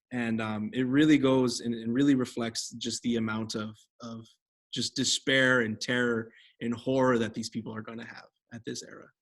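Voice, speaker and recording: A man's voice: mid-range voice, a bit bright. A young adult man teaching a history lecture over slides, rambling with many fillers and self-corrections.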